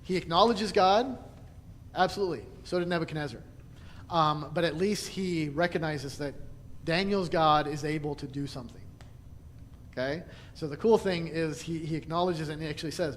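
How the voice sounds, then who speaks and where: A man leading a casual Bible study lesson, chatty and quick to laugh, often restarting his sentences. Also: on the high side. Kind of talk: casual teaching talk. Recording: echoey hall, faint noise.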